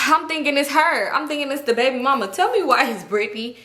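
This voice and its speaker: A young woman telling a storytime vlog in casual, slangy style, animated and expressive. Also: high-pitched, fast, few pauses. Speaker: storytime vlogger. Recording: echoey room.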